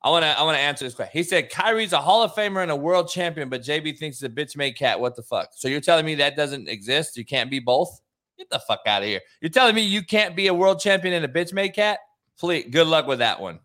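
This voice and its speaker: Loud profane sports host guy, bright voice, laughing while he rants. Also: a little high, expressive, fast. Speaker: show host. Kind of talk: casual sports debate.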